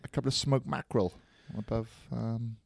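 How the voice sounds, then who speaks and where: A man's voice: mid-range voice, fairly even intonation, moderate pace, gravelly, dry recording, studio quality. A man chatting casually about his weekend, rambling and laughing at his own jokes. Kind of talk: casual banter.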